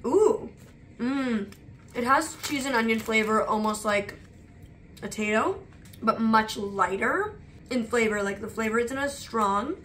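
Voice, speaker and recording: A woman's voice: on the high side, unhurried, fairly bright tone, slight background noise. A young adult woman vlogger chatting casually while taste-testing snacks, talking in a loose, rambling way full of "like". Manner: chatty, leans on "like" as filler.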